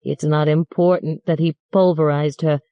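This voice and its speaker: A woman's voice: low voice, steady tone, moderate pace, no room sound, highs cut off. A woman voicing a sarcastic ranting cab driver. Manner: mocking, ranting, mock-polite. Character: sarcastic foul-mouthed male New York cab driver.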